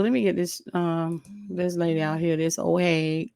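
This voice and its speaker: A woman's voice: on the low side, flat delivery, normal speed, creaky, few pauses, mellow, clean tone, no echo, clean studio sound. A woman hosting a casual commentary vlog who gives her opinions bluntly and talks straight to her viewers, her voice weak from allergies and coughing. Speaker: YouTube commentary host.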